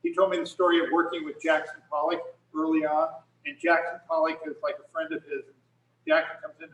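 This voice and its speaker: Heard off mic in an echoey room over a video call, a middle-aged photographer rambles through stories casually, restarting often. His voice runs high and sing-song, and he talks a little fast.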